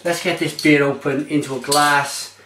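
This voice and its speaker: A man's voice: fairly high pitch, steady tone, normal speed, roomy sound, heavy background noise. A man reviewing beer on his vlog, gushing and exclamatory as he describes it.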